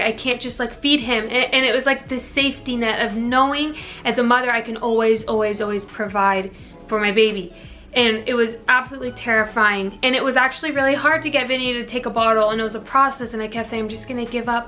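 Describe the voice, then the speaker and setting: Young woman vlogger, bright and slightly high, chatty Q&A, faint music under. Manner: chatty, earnest, peppered with "like" and "you know". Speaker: fitness vlogger answering viewer questions. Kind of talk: casual Q&A chat to camera.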